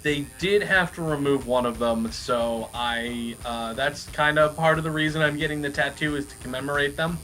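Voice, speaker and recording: A man's voice: fairly high pitch, moderate pace, hardly any pauses, pushed and bright, poor audio. A man playing an earnest, hesitant tattoo customer in an improv comedy scene, stammering and restarting often.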